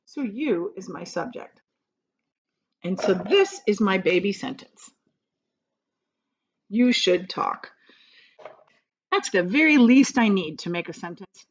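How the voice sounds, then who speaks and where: A woman with a mid-range voice teaches young pupils grammar on video, very animated yet a little slow, with long pauses. Her pitch rises and falls a lot as she patiently encourages them, and the recording has a slightly dull, lo-fi quality.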